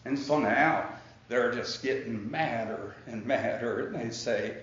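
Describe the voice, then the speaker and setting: A man preaching a sermon with slow, emphatic delivery and dramatic pauses, now and then acting out his opponents in a high, incredulous voice. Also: reverberant, highs cut off. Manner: acts out the Pharisees in a high, incredulous voice. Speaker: pastor.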